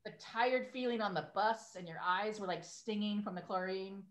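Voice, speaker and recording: Recorded in an echoey room, a podcast guest in her fifties chats casually and nostalgically about the past, peppering her speech with "like." She speaks at a medium pitch and a moderate pace.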